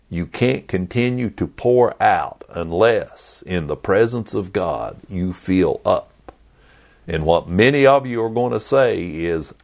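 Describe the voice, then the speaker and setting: A man preaching a sermon as a pastor, earnest and deliberate, repeating his phrases. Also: low voice, animated, creaky. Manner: earnest, repetitive, deliberate pauses.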